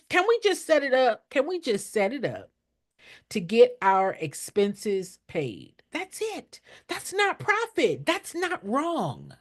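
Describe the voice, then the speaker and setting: Blunt, lively older woman teaching. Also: high-pitched. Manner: blunt, preachy, repeats lines for emphasis. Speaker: nonprofit consultant. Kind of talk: direct motivational teaching to camera.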